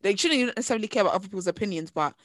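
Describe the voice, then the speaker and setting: A woman chats briskly on a podcast, dishing gossip and voicing the people she quotes. Her speech is quick and runs on. The sound is dry and close to the mic. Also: mid-range voice, no room sound. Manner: animated gossip, acting out quotes. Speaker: podcast co-host. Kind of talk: casual chat.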